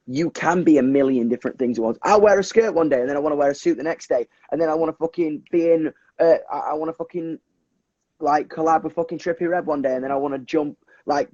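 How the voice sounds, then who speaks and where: A young British man chats on a livestream, rushing and restarting his sentences and swearing freely. His voice is husky and dry. The audio is dull and lo-fi, like a phone call. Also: a little high, no room sound. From England. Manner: animated, swears a lot, many restarts and fillers. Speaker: musician guest. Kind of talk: casual livestream chat. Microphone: phone on a video call.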